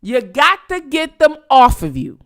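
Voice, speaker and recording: A woman's voice: high voice, wildly swooping pitch, unhurried, a bit bright. A woman hosting her own channel, giving blunt, profane, teasing live-stream commentary to her viewers. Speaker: channel host.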